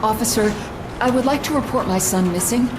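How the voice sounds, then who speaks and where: A woman's voice: on the high side, fairly quick, background noise, natural voice. An actress playing a distraught middle-aged mother, anxious and pleading.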